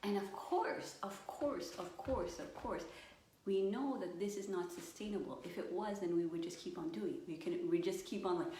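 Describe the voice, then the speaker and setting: A woman's voice: on the low side, mellow. Woman yoga coach, echoey and distant. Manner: soothing, drawn-out guidance with playful acted-out voices. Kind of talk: guided live coaching session. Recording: echoey room, distant mic, faint noise.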